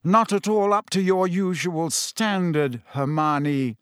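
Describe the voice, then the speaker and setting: A man reading an audiobook voices a calm, weary middle-aged male teacher who speaks in a measured, patient way. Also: high-pitched, smooth, no echo, clean studio sound, voice pushed up.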